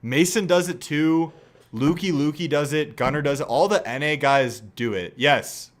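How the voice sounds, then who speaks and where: A man's voice: a little high, moderate pace. A man chatting casually on a livestream, joking and reacting to clips. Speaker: streamer.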